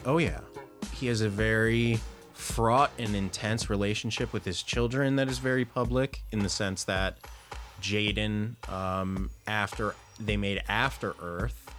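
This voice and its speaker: Bright-voiced rambling podcast co-host man. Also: on the low side, unhurried, soft background music. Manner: rambling, animated, frequent fillers and restarts. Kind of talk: casual comedic movie-podcast chat.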